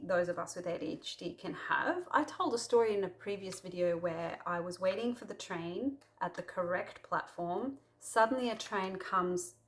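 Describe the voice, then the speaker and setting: A woman hosting a casual Christian talk to camera, telling personal stories in a chatty way with lots of fillers. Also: mid-range voice. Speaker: Christian video host.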